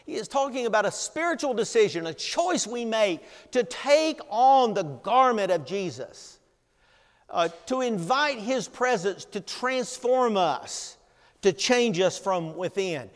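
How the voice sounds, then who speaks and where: An older man preaching a sermon as pastor, earnest and emphatic, often repeating words and pausing. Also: sits high, animated, in a large hall.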